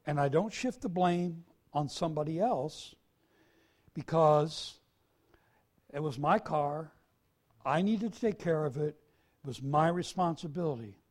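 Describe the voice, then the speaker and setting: A male preacher giving a sermon, swinging from soft confession to loud emphasis. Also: a little high, unhurried, pauses often.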